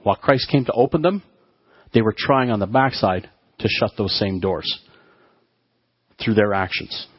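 A man preaching a sermon to his congregation, often halting and restarting his words as he talks. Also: on the low side, expressive, breathy edge, no echo, muffled recording. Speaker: pastor.

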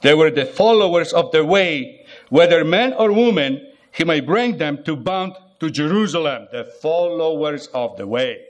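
Emphatic higher-voiced male preacher. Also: expressive, a little slow. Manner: emphatic, repeats phrases, asks the listeners rhetorical questions. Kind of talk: sermon.

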